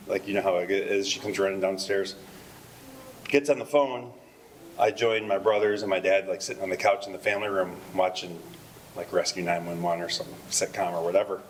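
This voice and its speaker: Rambling low-voiced man giving a eulogy. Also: steady tone, a little fast, a little hiss or hum, rough recording. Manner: rambling, conversational, with frequent fillers and laughs. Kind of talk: memorial speech with anecdotes. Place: memorial service hall.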